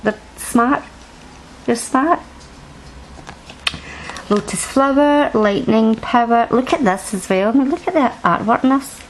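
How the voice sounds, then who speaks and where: A woman's voice: a little high, expressive, normal speed, few pauses, slight background noise, poor audio. A woman chatting through a card deck review at home, rambling and restarting her sentences. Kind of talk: casual show-and-tell review. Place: at home, indoors.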